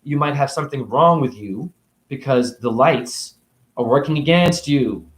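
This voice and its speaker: A man's voice: mid-range voice, expressive, measured pace. A man giving a rambling spiritual monologue to camera, jumping from topic to topic, talking in circles and swearing freely. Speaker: spiritual video creator. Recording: echoey room.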